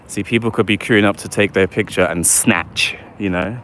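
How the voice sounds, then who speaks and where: Deep-voiced man rambling on a walk. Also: steady tone, normal speed, a bit bright, slight background noise. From London, England. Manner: chatty and rambling, keeps asking "do you know what I mean". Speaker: livestreamer giving a walking tour. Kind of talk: casual live walking vlog. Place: outdoors in a city park by water.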